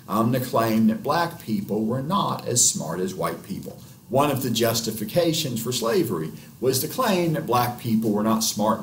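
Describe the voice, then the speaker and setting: A male history lecturer giving an unscripted class lecture, with many filler pauses. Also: lowish voice, a little hiss or hum. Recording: roomy echo, mic at a distance, faint ambience.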